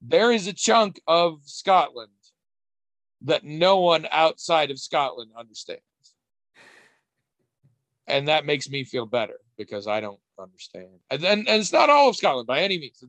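A man's voice: on the high side, sing-song, moderate pace, fairly bright tone, no room sound. Rambling, wry man in dry casual chat. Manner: rambling, self-interrupting, wry, swears casually.

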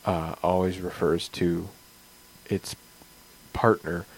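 Gravelly, low-voiced man chatting casually. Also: level tone, takes it slowly, low-quality recording. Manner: rambling, chatty, frequent fillers. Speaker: game master and podcast host. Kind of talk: casual podcast chat.

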